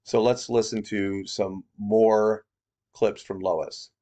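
Sarcastic lower-voiced male commentator. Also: steady tone, slow, warm tone. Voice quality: sarcastic, conversational. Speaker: commentary video host. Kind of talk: casual commentary.

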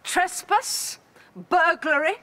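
A woman's voice: extremely high pitch, slow pace, pushed and bright, full character voice. An actress playing an imperious, indignant older aristocratic lady with clipped, outraged speech. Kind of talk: period TV comedy acting.

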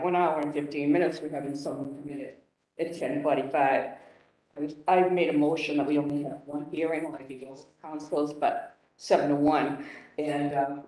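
A man speaking as a councilor at a hearing, emotional and halting, rambling with restarts. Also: a little high, a little mellow. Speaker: city councilor. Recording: echoey room, off-mic.

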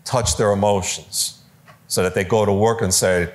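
A man giving a conversational talk on preaching to a live audience, lively, with fillers and quoted voices, in a large room. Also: fairly low pitch, normal speed. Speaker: speaker teaching preachers.

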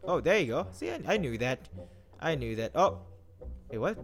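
A man's voice: on the high side, sing-song, normal speed, vocal fry, soft background music. A young man doing jokey horror game commentary, rambling to himself and yelping when startled. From Philippines. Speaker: gaming YouTuber.

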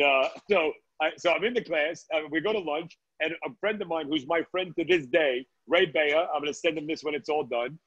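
A man's voice: fairly high pitch, a bit bright, dry recording, highs cut off. A man, a guest chef from Brooklyn, chatting casually on a video call from his restaurant, telling stories with many "uh"s and "right?"s. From Brooklyn, New York.

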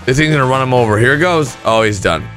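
A young man commentating on gameplay clips with excited outbursts and shouts. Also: mid-range voice, quick pace, soft background music. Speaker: gaming commentator.

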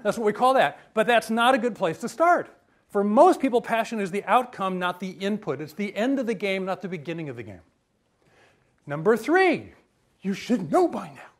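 A man's voice: high voice, moderate pace. A man giving a humorous university lecture, joking and quizzing his audience. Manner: lively and joking, asks the audience questions.

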